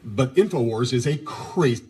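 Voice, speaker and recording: A man giving measured news commentary and explaining a political book. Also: mid-range voice, lively intonation, darkish tone, slightly rough.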